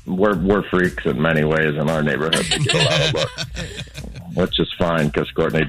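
A man's voice: a bass voice, lively intonation, moderate pace, music in the background, rough recording. A man calling in to a radio show, rambling through a funny story, amused and acting out the lines he quotes. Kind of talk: casual storytelling.

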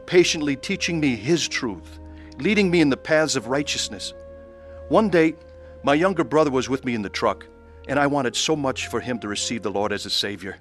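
A man narrating his own testimony in an earnest, pleading way. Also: mid-range voice.

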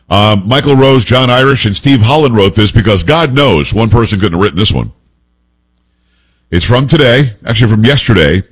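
Man, talk radio host, husky voice, blunt opinionated commentary, reads news aloud. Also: medium pitch.

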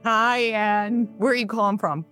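Lady radio psychic, soothing reassuring talk, soft music under it. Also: medium pitch, a little slow. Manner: warm reassuring, relays messages in a gentle steady flow. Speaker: radio psychic medium host. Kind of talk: call-in reading on radio.

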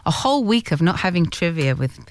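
Lady radio co-host from south africa, lowish voice, dry studio sound, chatty and giggly. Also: sing-song, fairly quick, no echo. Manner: chatty, laughs often, trails off mid-sentence. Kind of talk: casual radio chat.

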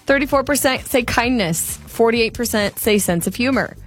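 A woman's voice: fairly high pitch, moderate pace, soft background music. A woman co-hosting a casual radio show, reading out poll numbers and retelling a text exchange as a story. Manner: reads out poll results and texts, lively storytelling. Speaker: radio co-host. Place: radio studio.

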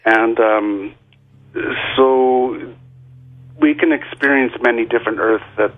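A man's voice: mid-range voice, slow, phone-quality sound. A male radio guest explaining ideas hesitantly, with many ums. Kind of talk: radio interview.

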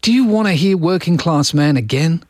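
Talking into a studio microphone on a late-night radio show, a middle-aged Australian host jokes around with callers and pokes fun at himself. His voice sits on the high side, animated, at a moderate pace. The recording is very noisy.

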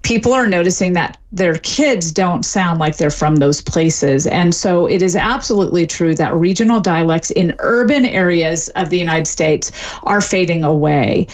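A woman's voice: on the low side, expressive, normal speed, a little mellow. A middle-aged woman, a linguistics professor, answering interview questions in an articulate, explanatory manner. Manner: articulate, explanatory, lightly laughing.

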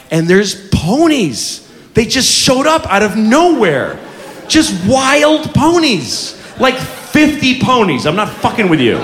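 A stand-up comedian in his forties telling a story, swearing and shouting punchlines. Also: a little high, long reverb tail. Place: comedy club stage before a laughing audience. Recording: live club with crowd noise.

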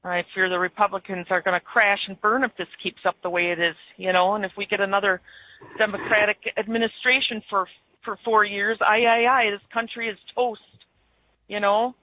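A woman's voice: mid-range voice, steady tone, fairly quick. A woman from Wisconsin with an Upper Midwest accent, calling in to a radio show and chatting in a rambling way with restarts. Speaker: caller. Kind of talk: casual call-in chat. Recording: muffled phone-in line.

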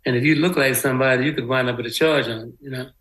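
A man's voice: medium pitch, steady tone, quick pace, a bit bright, rough recording. A man in a casual interview, telling stories from his past in a loose, rambling way with many "you know"s and a lilt. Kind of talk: casual storytelling.

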